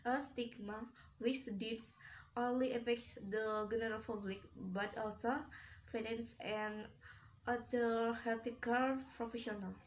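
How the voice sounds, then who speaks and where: A woman's voice: fairly high pitch, steady tone, unhurried, slight background noise, rough recording. Woman student reading a class presentation. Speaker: public health student.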